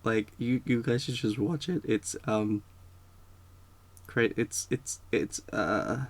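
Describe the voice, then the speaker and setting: Dude rambling through a casual rant, lots of um and like, dry close sound. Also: male voice, medium pitch, slow, dry recording. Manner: rambling, chatty, many fillers and restarts. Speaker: video creator.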